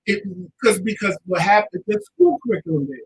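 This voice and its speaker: Male talk show host with a high, slightly husky voice and a casual, emphatic delivery. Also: wildly swooping pitch, a little fast, rough recording. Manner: emphatic, repeats points for stress. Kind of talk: casual chat.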